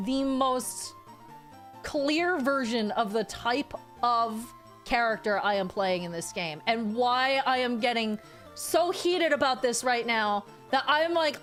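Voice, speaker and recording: A woman's voice: fairly high pitch, a bit bright. A woman streamer chatting casually with her viewers. She gets worked up easily, swears freely and often repeats her phrases.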